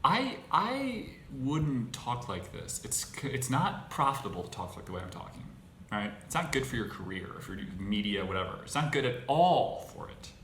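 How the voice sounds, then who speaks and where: A man hosting his own show, talking in a casual monologue, halting and restarting his phrases with exasperation. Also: mid-range voice, very animated, a bit bright. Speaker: podcast host. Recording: echoey room with faint noise.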